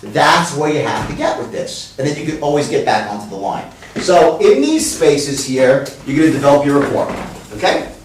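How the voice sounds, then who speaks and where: A high-voiced man teaches a room of salespeople, blunt and swearing freely, sometimes shouting out exaggerated sample lines. He stands well back from the mic, and his voice bounces around a very echoey room. A faint hum of room noise sits underneath. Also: animated, moderate pace, far from the mic. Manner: blunt, profane, swings into loud exaggerated demonstrations. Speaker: sales trainer. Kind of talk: live sales training talk.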